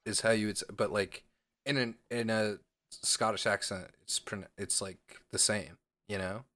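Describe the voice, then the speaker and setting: A man's voice: fairly low pitch, fairly even intonation, measured pace, pushed and bright. A man co-hosting a podcast in casual chat, playful and rambling, with a lot of "like" and filler words. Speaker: podcast co-host.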